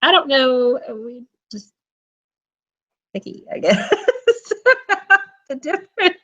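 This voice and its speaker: A woman from North Carolina hosts an online interview as a casual chat, laughing often and rambling a little. Her voice is high and expressive and she speaks slowly, and the highs in the recording are cut off.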